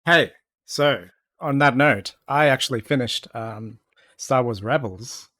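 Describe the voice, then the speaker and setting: A man from Queensland with an Australian accent, co-hosting a casual live stream, chatty and quick to laugh. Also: mid-range voice, bright, forceful tone, no echo. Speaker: podcast co-host. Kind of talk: casual chat.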